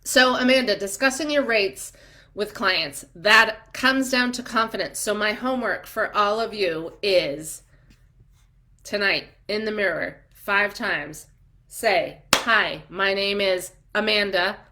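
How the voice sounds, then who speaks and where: A woman's voice: medium pitch, takes it slowly, pushed and bright. A woman in her forties coaching doulas in a live-streamed chat, upbeat and encouraging, reading out viewer comments with frequent ums.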